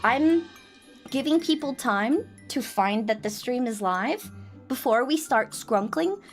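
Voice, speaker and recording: A woman's voice: fairly high pitch, animated, slow pace, over music. A woman streamer chatting casually and playfully with her viewers, giggling often. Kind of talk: casual chat on a livestream.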